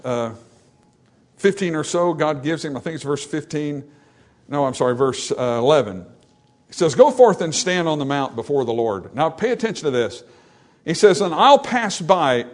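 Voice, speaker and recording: A man preaching a sermon, animated and acting out the voices in the scripture passage, then dropping to softer, reflective tones. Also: fairly high pitch. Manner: animated, acts out dialogue from scripture. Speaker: pastor.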